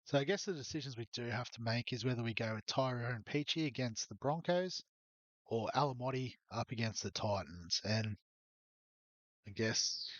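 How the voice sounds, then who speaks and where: On a muffled recording without echo, a mid-range male voice belongs to a fantasy sports YouTuber casually going over his fantasy rugby league team. He's got the hiccups and stumbles along with many ums.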